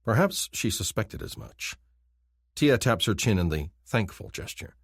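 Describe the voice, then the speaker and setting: A man narrating an audiobook in a measured, even storytelling manner. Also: lowish voice, husky, dry recording, clean studio sound. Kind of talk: scripted narration.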